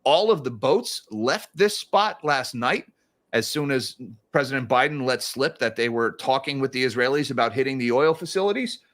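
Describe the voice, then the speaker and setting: Hosting a casual livestream of market commentary, a financial commentary host chats away with sarcastic asides. He has a medium-pitched, slightly bright voice and sounds animated at a normal speed.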